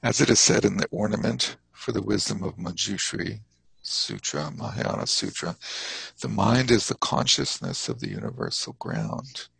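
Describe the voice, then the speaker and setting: A man teaching a class on Buddhist texts, explaining terms thoughtfully and haltingly. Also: lowish voice, very animated, creaky, fairly bright tone, breathy edge, dry recording, poor audio.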